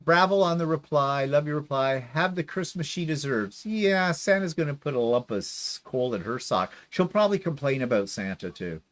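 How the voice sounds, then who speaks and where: A man hosting a live quilting show, talking casually in a sarcastic, theatrical way. His pitch swings widely from line to line, and it sits a little above the usual male range. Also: lively intonation, normal speed, few pauses, a bit bright. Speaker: quilting channel host. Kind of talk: casual livestream chat reading viewer comments.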